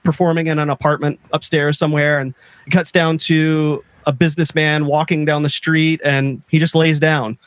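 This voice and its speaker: This is a man co-hosting a relaxed podcast chat. His voice sits a bit higher than most men's and has no room echo at all. He retells stories with eager energy and acts out the lines people say. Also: moderate pace, clear, resonant tone. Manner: enthusiastic storytelling, acting out quoted lines. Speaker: podcast co-host. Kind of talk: casual chat.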